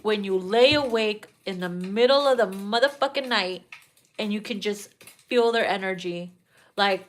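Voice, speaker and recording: A woman's voice: medium pitch, a little fast. A woman giving a casual tarot reading, swearing freely and laughing often. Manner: profane, laughing, animated. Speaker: tarot reader.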